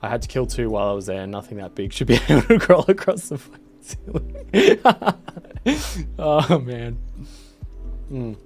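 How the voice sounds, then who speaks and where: A man's voice: mid-range voice, very animated, normal speed, long pauses, darkish tone, faint music behind. A man streaming a game, chatting casually in a laid-back, hesitant, mumbling way. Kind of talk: casual gameplay commentary.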